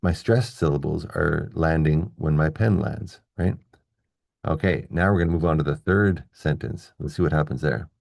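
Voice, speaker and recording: A man's voice: very deep voice, normal speed, gravelly, darkish tone, no echo, clean studio sound. A man teaching an English lesson on video, explaining step by step and checking in with "okay?" and "right?". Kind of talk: classroom-style video lesson.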